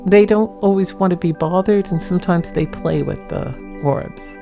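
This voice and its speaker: Casual vlog narrator: a woman with a low voice and a gravelly edge, talking loosely over music. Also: normal speed, warm tone. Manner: chatty, rambling, laughs often. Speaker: paranormal vlogger narrating her footage.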